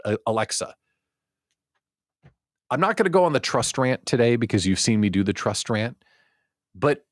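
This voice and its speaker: A male host of a daily livestream talk show who speaks in an animated, joking way. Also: lowish voice, dry recording, clean studio sound.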